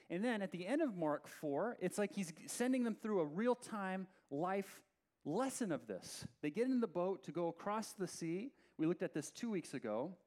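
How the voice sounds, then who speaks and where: Male pastor, slightly higher voice, conversational and animated sermon delivery. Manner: opens in a soft, slow prayer.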